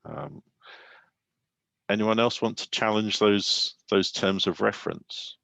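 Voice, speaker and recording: Deep gravelly man leading a panel. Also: steady tone, slow pace, fairly bright tone, no room sound, dull audio. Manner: thoughtful, hesitant restarts, poses questions. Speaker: host and consultant. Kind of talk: casual online panel discussion.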